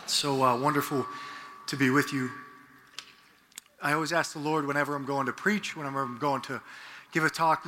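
A man's voice: a little high, fairly quick. A man, a Catholic priest, preaching a homily full of jokes and stories to his congregation, wearing an ear-worn headset mic in a church. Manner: animated, joking with the congregation.

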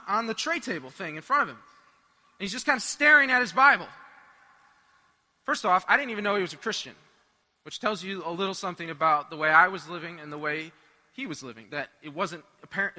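A young man giving a humorous, animated storytelling talk to a live audience at a church rally, acting out the voices of the people in it. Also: sits high, long reverb tail. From United States. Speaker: speaker at a Catholic renewal rally.

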